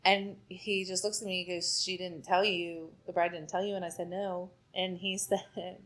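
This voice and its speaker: A woman hairstylist on a podcast chats through a story at a normal speed, her lowish voice level in tone and fairly bright. She acts out what others said and says "like" often.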